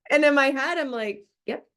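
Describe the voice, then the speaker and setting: Animated laughing woman hosting a book club. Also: sits high. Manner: animated, laughs often, acts out quoted voices. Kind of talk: casual group chat.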